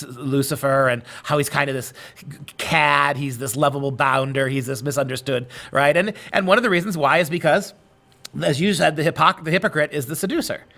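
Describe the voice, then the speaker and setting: A man's voice: a little high, sharp tone. A man hosting an interview, earnest and conversational, often restarting words mid-thought. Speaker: host.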